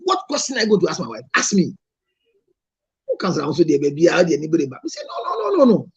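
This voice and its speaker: Ghanaian male counselor-host, high husky voice, storytelling, scolding rhetorical questions, dull lo-fi recording. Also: huge pitch swings, fast talker. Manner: scolding, rhetorical questions, mixes in Twi phrases. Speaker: marriage counselor and show host. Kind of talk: lively storytelling talk to an audience.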